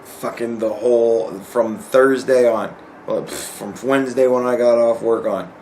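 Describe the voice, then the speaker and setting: A man's voice: medium pitch, a little slow, slight background noise. Swearing young man ranting casually. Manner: profane, animated storytelling, voices rising when reliving anger. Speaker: vlogger. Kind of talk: casual rant to camera.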